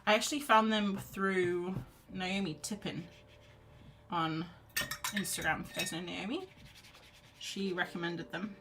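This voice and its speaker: A woman's voice: on the low side, steady tone, unhurried, long pauses, a bit bright, a little hiss or hum. A woman hosting a casual live painting chat, chatty and self-deprecating, laughing often. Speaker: art livestream host.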